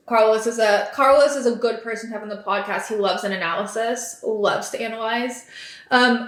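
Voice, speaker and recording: Young woman, podcast host, casual chat, giggly, filler-heavy, slightly high voice, echoey room. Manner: chatty, giggly, lots of fillers and likes.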